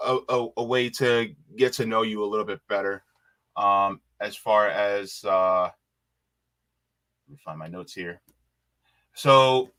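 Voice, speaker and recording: A man's voice: fairly low pitch, sharp tone. A man hosting an interview over a video call, speaking hesitantly with many filler words and restarts. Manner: hesitant, full of uhs and restarts. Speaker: podcast host. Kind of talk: casual interview.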